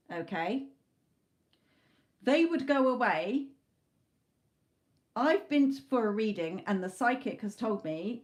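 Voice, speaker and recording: Blunt, animated woman tarot reader. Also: mid-range voice. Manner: animated, acts out clients' panicked voices; blunt, swears casually. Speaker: tarot reader hosting a live stream. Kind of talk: live-stream chat with viewers.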